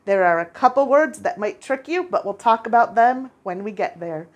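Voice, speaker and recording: A woman teaching first graders a spelling lesson, patient and clear, repeating each word for the children. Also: on the high side, lively intonation, moderate pace, muffled recording. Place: international school.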